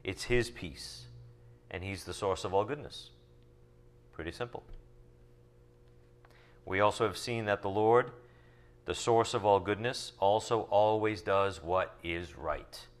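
A man teaching from the Bible, reading verses slowly and then explaining them in casual asides full of rhetorical questions. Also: on the low side. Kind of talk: sermon teaching from scripture.

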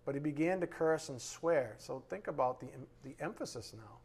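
A man leads a conversational Bible lesson, his voice sitting a touch higher than most men's. He talks loosely and informally, often turning to his listeners with a quick "right?" as he walks through the passage. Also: animated, vocal fry, darkish tone, slightly rough. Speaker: Bible teacher.

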